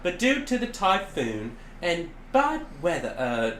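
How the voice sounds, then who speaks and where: A man's voice: a little high, wildly swooping pitch, measured pace, fairly bright tone. A young man hosting a casual podcast chat, teasing and laughing as he jumps in. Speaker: podcast host. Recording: roomy echo, faint hiss.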